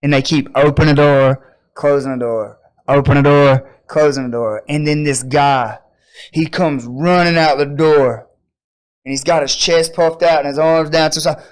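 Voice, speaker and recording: A man on a podcast spinning a rowdy story in casual, profane talk. His voice sits a little high for a man, and he slips into the people in his story as he goes. The tone stays loose and animated. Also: normal speed, clear, resonant tone. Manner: animated, profane, acts out quotes. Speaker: podcast host.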